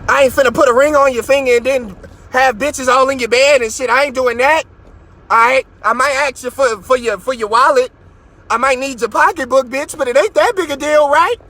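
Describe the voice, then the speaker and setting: A man hosting a podcast, in a loud, mocking, boastful rant from his car, with his voice leaping up in outbursts. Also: very high-pitched, a little fast. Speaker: podcast host. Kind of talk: profane comedic rant.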